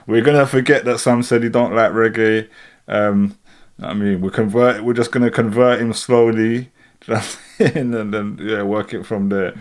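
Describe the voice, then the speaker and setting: Male stream host, relaxed slangy delivery, low register. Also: moderate pace. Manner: laid-back, slangy, often adds "do you know what I'm saying". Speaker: host of a music reaction livestream. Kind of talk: casual live reaction commentary.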